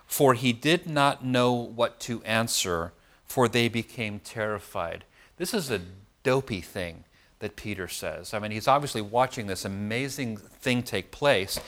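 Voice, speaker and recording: A man's voice: medium pitch, a bit bright. A man preaching a Bible study, explaining scripture in a conversational way and often checking in with his listeners.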